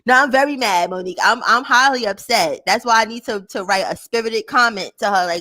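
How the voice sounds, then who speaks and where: A woman vlogger chatting casually to her viewers, ranting loudly with frequent laughter and swearing. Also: on the high side, brisk, hardly any pauses. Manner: loud, laughing, profane rants. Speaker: vlogger reacting to a clip. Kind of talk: casual livestream chat.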